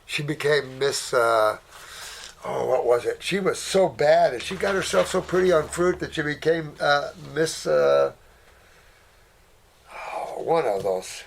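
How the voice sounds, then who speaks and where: Rambling older man, slightly high voice. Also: animated, a little slow, gravelly, a little hiss or hum. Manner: folksy, rambling, calls people honey and sweetheart; trails off searching for words, many fillers. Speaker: naturopath answering viewer questions. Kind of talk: casual Q&A commentary.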